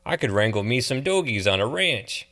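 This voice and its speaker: A man's voice: on the low side, brisk, gravelly, fairly bright tone. A man reading a playful young man who fakes a redneck country drawl for fun. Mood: goofy.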